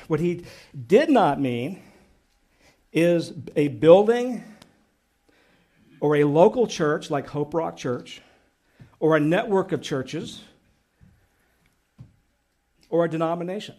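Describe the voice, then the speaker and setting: A man preaching a sermon, earnest and growing excited and emphatic as he teaches. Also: on the high side. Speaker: pastor.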